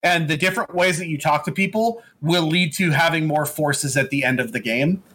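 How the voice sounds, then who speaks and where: A man in casual chat, recapping a video game story in a rambling, profane way and dropping into quick put-on voices. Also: fairly high pitch, pushed and bright, a little hiss or hum.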